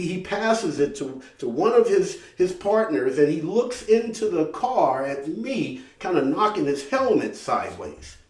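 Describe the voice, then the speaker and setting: A man with a fairly high, slightly mellow voice performs a solo theatrical story, recorded from a distant mic with a roomy sound. He tells it dramatically, often haltingly repeating words as he goes.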